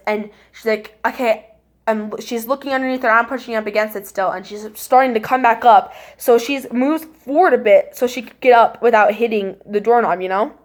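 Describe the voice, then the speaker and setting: A young woman casually recounting a spooky childhood story, acting out voices and gestures and dropping to a hush at tense moments. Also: a little high. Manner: animated, acts out voices and gestures; drops to hushed tones at tense moments.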